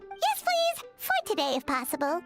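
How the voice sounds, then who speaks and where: A woman voicing a tiny, excitable fairy companion girl in a video game. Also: normal speed, music in the background. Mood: chirpy. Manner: squeaky, bouncy and excitable. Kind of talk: game voice acting.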